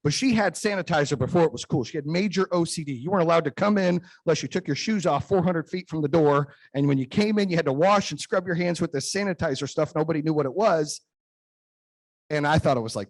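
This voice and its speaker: A man in his forties with a slightly husky, fairly high voice speaks as a business show host. He tells personal stories in an emphatic, conversational way and keeps checking in with "right?". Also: quick pace, dry recording. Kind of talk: motivational storytelling.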